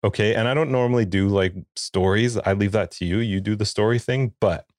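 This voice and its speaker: Deep-voiced dad telling a story. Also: male voice, a little fast, no room sound, clean studio sound. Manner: animated storyteller, acts out quotes. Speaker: podcast co-host. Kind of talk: casual chat.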